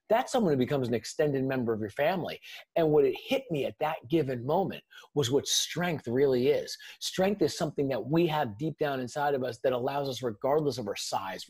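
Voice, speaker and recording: A man's voice: mid-range voice, darkish tone, husky. A middle-aged man, a podcast guest, telling a blunt, intense personal story in casual speech with some swearing. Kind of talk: emotional storytelling.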